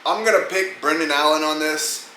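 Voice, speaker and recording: A man's voice: on the high side, moderate pace, bright, forceful tone, a little hiss or hum. A man hosting a podcast, giving casual, profane, rambling picks on upcoming fights. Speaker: podcast host. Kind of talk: casual fight-pick commentary. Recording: echoey room with faint ambience.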